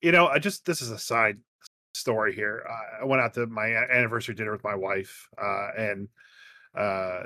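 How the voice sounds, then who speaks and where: A man hosting a podcast, telling a family anecdote in an animated, chatty way. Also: on the low side, moderate pace, no room sound, studio quality. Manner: animated storyteller. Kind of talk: casual podcast chat.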